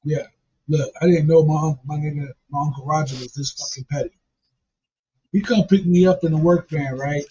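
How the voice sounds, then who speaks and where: A man's voice: a little high, steady tone, moderate pace, mellow, slight background noise. A man casually telling a profane, funny story and laughing along as he goes. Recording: dull lo-fi recording.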